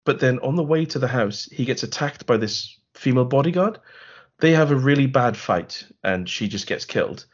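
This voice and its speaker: A man's voice: mid-range voice, expressive, moderate pace, highs cut off. A man co-hosting a podcast, recapping a film in a wry, rambling, sarcastic way. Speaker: podcast co-host. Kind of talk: casual film review chat.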